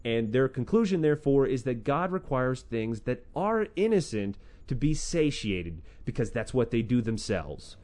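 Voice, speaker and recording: Sarcastic guy swearing his way through old bible stories, voice jumps up and down a lot, medium pitch. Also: normal speed, hardly any pauses. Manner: profane, sarcastic, animated with acted-out quotes. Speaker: podcast host retelling a scripture book. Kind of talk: irreverent casual storytelling.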